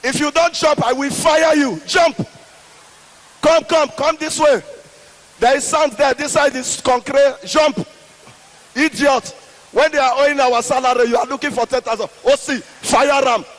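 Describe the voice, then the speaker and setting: A man's voice: very high voice, steady tone, a little slow, a bit bright. A man with a Nigerian accent voicing a rude, bossy police inspector who barks orders with contempt. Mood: scornful. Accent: Nigerian English. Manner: barking, contemptuous, Nigerian Pidgin. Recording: long hall reverb.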